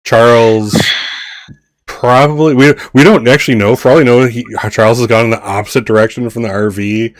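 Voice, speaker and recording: A man's voice: medium pitch, steady tone, fairly quick, slight background noise. A man running a tabletop horror game as game master, joking and exclaiming with his players.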